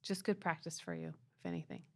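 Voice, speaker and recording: Female advice podcast co-host, low, dry close sound, affirming and casual. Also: very animated, fast, dry recording. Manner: affirming, reads listener questions.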